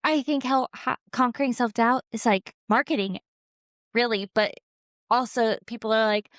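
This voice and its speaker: Smooth-voiced woman, candid and chatty. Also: a little high, measured pace, a bit bright, no echo, clean studio sound. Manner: candid, chatty, heavy on fillers and swearing. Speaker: podcast co-host and small craft business owner. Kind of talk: casual chat.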